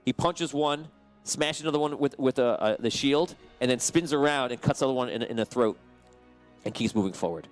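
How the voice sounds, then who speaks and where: Casual male game master, mid pitch, chatty play-by-play narration over faint music. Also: a little fast. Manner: casual, descriptive, with frequent fillers.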